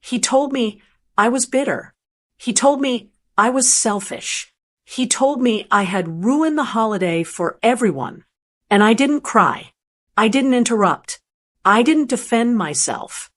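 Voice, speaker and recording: Calm older woman narrating a story. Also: a little high. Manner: calm, measured, plainspoken. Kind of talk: first-person story narration.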